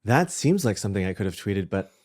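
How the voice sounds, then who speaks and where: A man in casual chat as a podcast guest, animated and camp. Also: on the low side, fast talker, dry recording, studio quality.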